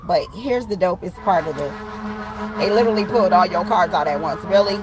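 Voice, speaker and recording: A woman giving a casual tarot reading, animated and slangy, swearing and laughing often. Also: fairly low pitch, fairly quick, background noise. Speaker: tarot reader.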